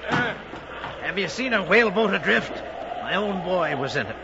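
A man's voice: high voice, expressive, normal speed, creaky, background noise. An actor playing a desperate ship's captain begging for help to find his lost son, in a radio drama. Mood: pleading. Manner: pleading, urgent. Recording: dull lo-fi radio recording.

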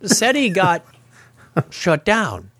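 A man's voice: sits high, wildly swooping pitch, very slow, fairly bright tone, no room sound. A man hosting a casual tech podcast, chatty and laughing as he retells funny stories. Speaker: podcast host.

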